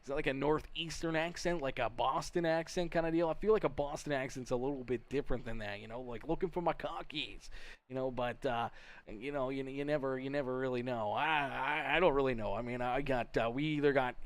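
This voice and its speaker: A man's voice: medium pitch, fairly even intonation, a little fast. A young Canadian man hosting a live sim racing broadcast, upbeat and folksy, chatting with viewers. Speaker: race broadcast host.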